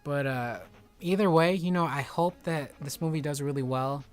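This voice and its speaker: A man hosting casual game commentary, rambling excitedly with lots of filler words. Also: a little high, normal speed, soft background music. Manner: rambling, excitable, heavy use of "like". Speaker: video game reviewer.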